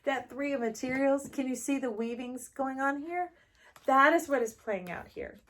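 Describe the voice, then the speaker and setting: A woman casually giving a spiritual tarot reading to her viewers, chatty and upbeat, now and then jumping into excited high bursts. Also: moderate pace, slight background noise. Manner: animated, spiritual, chatty, jumps into excited highs. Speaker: tarot reader.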